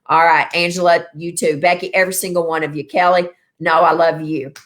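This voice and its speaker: Low-voiced rambling woman in her fifties. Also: level tone, a little fast. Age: 50s. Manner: rambling, warm toward viewers. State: tired after illness. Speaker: wellness show host. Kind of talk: casual livestream chat.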